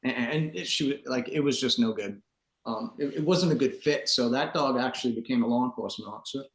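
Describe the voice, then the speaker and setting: A man's voice: medium pitch, fairly quick. A man, a dog trainer, telling a story as a podcast guest in an earnest, rambling way, with many restarts and "man" fillers. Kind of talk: casual storytelling. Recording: roomy echo.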